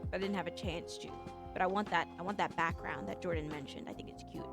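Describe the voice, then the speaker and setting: A woman's voice: fairly low pitch, fairly even intonation, fast talker, over music. A woman streaming live who chats with her viewers in a playful, teasing, giggly way. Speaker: vtuber streamer. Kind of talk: casual live-stream chat.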